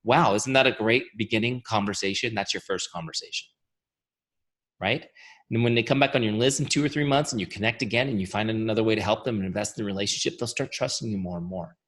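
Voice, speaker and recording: A man with a tired, fading voice gives an energetic webinar training, chatty and full of rhetorical questions. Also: on the low side, quick pace. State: losing his voice. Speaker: software founder giving a training webinar.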